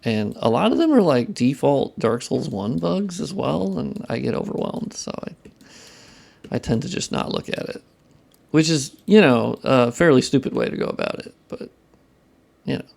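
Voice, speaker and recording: Young man, gravelly voice, casual stream chatter, profane muttering, self-deprecating. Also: mid-range voice, big pitch swings, normal speed, a little mellow. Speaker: modding streamer. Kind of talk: casual live-stream chat while working.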